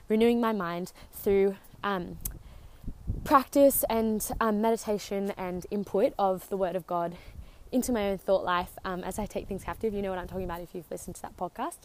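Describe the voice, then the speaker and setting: A young woman hosting a casual faith podcast. She rambles chattily with lots of fillers and sounds out of breath from walking outdoors on her driveway. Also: mid-range voice. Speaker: podcast host.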